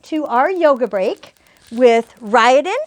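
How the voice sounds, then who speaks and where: Older woman, high bright voice, cheerful yoga teacher for kids, dry close sound. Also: animated, slow, no echo. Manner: cheerful, playful coaching voice. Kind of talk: guided kids' yoga lesson.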